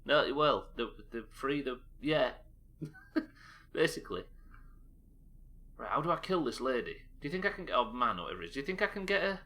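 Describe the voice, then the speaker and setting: A man's voice: medium pitch, very animated, normal speed, pauses often, pushed and bright. A British man live-streaming a game, chatting casually with his chat and reading aloud in a chatty, self-interrupting way. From United Kingdom.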